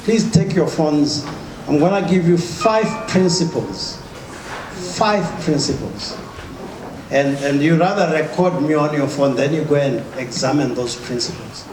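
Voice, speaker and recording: A man's voice: fairly high pitch, unhurried. A man giving a motivational talk to a live audience, emphatic and often asking the crowd questions. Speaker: motivational speaker. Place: large hall with an audience. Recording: echoey hall with noise.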